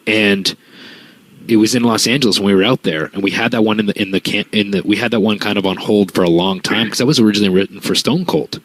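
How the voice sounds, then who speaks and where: A man co-hosting a podcast, telling an anecdote in an animated, storytelling way. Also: lowish voice, fast, dry recording, rough recording. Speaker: podcast co-host. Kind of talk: casual chat.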